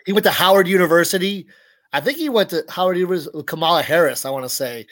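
A man's voice: high-pitched, animated, very fast, fairly bright tone, no room sound. A man chatting casually as a podcast guest, rambling with restarts and asides. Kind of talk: casual chat.

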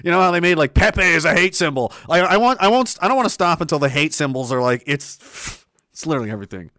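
A man's voice: a little high, expressive, fast talker, pushed and bright, dry recording, clean studio sound. A young man ranting sarcastically and profanely, reading out chat messages as a streamer, often laughing. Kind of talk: ranting commentary.

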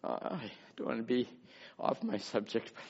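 A man preaching a fervent sermon as pastor, moving from quiet, plain talk to loud shouting. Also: medium pitch, lively intonation, moderate pace, creaky, slightly rough, lo-fi sound.

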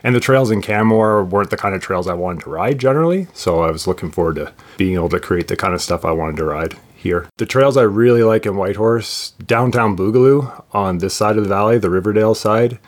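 A man's voice: lowish voice, brisk. A man speaking in a matter-of-fact, understated way in a casual interview.

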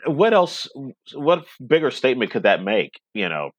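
A man's voice: medium pitch, very animated, normal speed, no echo, highs cut off. A middle-aged man chatting casually in a podcast conversation, rambling and laughing often. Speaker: web radio station owner, podcast guest.

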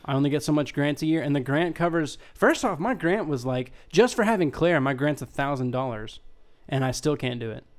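Man, podcast co-host, casual chat, rambling, sarcastic, clear smooth voice. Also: a little high, expressive, brisk, hardly any pauses.

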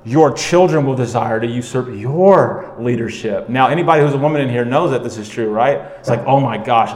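A male pastor preaching a sermon to his congregation, animated and conversational, with quick asides to the listeners. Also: medium pitch. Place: church sanctuary. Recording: roomy echo.

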